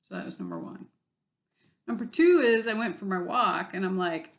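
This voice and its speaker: A woman's voice: lowish voice, sing-song, moderate pace. A woman telling a story in a casual vlog, blunt and exasperated, swearing freely. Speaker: vlogger.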